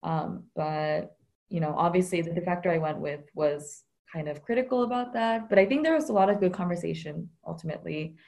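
A woman speaking as a guest in a relaxed interview, chatty and reflective. Her voice sits a little low, and she fills her pauses with lots of ums and likes. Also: vocal fry. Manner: chatty, many fillers, reflective. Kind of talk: casual conversational interview.

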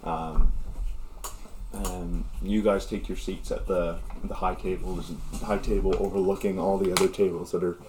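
A man's voice: low-pitched, flat delivery, moderate pace, background noise. A man running a tabletop game as game master, narrating casually with lots of fillers.

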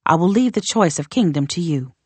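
A woman reading as a proud northern warrior queen lays out terms in a low, formal voice. She sounds measured and coolly contemptuous, close and dry with no room around her, an audiobook figure. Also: expressive, mellow, husky, no room sound. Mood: cold, demanding.

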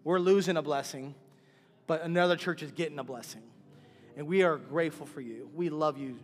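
A man's voice: a little high, a little fast, in a large hall, faint music behind. A man, the church's pastor, praying earnestly and then honoring a departing member, fighting back tears. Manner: earnest, emotional, repeats phrases. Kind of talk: sermon prayer and farewell tribute. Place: church sanctuary.

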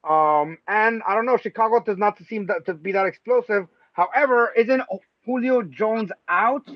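A man hosting a casual sports podcast, talking loosely and excitably, swearing freely and laughing often. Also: high-pitched, normal speed, dry recording. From Mexico. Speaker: podcast host. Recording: dull lo-fi sound, dry.

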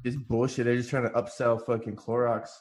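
Brisk and flat in delivery, this medium-pitched man co-hosts a relaxed podcast chat amid crowd noise. He's from California, speaks slangily, and keeps saying "bro" and "dude."

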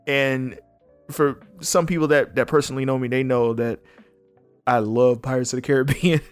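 A young man hosting a casual solo podcast, blunt and animated, swearing freely as he comments. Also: medium pitch, clean tone. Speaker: podcast host.

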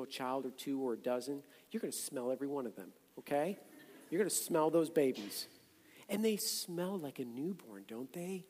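A man preaching a sermon as a pastor, conversational and then loud and emphatic. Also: medium pitch. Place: church sanctuary. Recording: echoey hall, long reverb.

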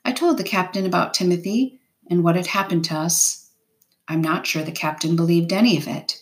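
A woman reading a novel aloud in first person with steady, unhurried storytelling. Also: on the low side. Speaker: reader.

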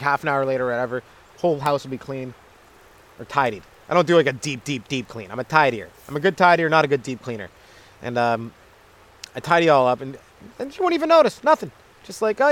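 A young man hosting a rambling solo comedy podcast, crude and self-deprecating, acting out little voices in his asides. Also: mid-range voice. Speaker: stand-up comedian, podcast host. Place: outdoors at a maple syrup camp.

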